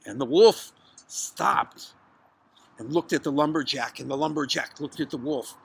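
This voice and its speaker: A man telling a children's story aloud in an animated way, with restarts and dramatic pauses. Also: on the high side, vocal fry, slightly rough.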